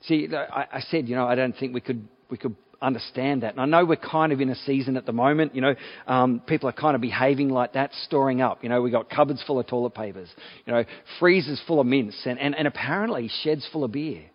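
A man with an Australian accent preaching a sermon in a relaxed, conversational way, with many fillers and restarts. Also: medium pitch, fast, muffled recording. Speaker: pastor.

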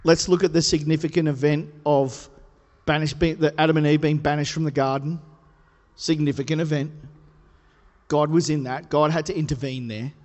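A preacher with a fairly high, darkish voice gives a sermon whose sound trails off in a long hall reverb. At a steady tone and moderate pace he stays conversational and playful, then climbs into emphatic peaks.

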